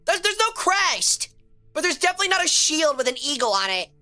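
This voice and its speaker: A woman streams a game and talks casually to her viewers in a high, bright, fairly quick voice. She gets excitable and swears freely when a guess goes wrong, with faint music playing underneath.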